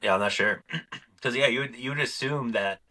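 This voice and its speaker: A man's voice: medium pitch, normal speed. A man hosting a podcast, telling stories in a loose, chatty way and acting out the conversations. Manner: animated storyteller acting out conversations. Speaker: podcast host. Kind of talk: casual podcast chat.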